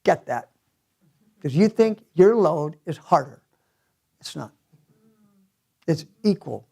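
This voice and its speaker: A man preaching a sermon as pastor in a church, telling the story in an animated way and chuckling often. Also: on the high side, slow pace, creaky.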